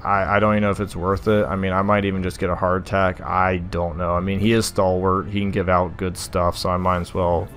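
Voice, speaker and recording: A man's voice: low voice, little pitch movement, fairly quick, few pauses, a bit bright. A young adult man venting as a gaming streamer, giving exasperated live gameplay commentary full of mild oaths in place of swears.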